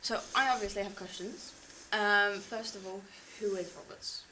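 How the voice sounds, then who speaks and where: Woman co-host, bright and sharp, halting and curious questioner. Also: mid-range voice, poor audio. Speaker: co-host who asks questions. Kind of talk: casual true-crime chat.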